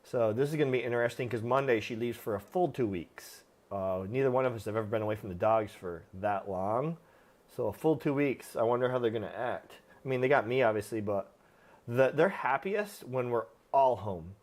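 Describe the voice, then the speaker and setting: Man, livestream host, casual Q&A, plain-spoken, firm, lots of fillers, mid pitch. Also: lively intonation, fairly quick. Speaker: livestream host, dog trainer. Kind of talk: casual live Q&A chat.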